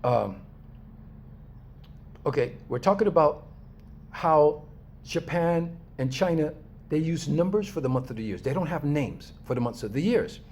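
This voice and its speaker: An American man from Los Angeles speaking in a casual, animated monologue to his viewers, emphatic and chuckling often. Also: fairly high pitch, measured pace, pauses often, a little hiss or hum. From Los Angeles, USA. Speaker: vlogger.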